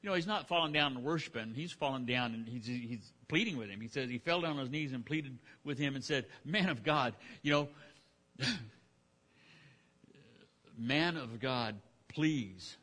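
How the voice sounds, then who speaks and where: A man's voice: medium pitch, brisk, bright, forceful tone, in a large hall. A man preaching a conversational sermon in a folksy way, acting out the characters' lines. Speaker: pastor.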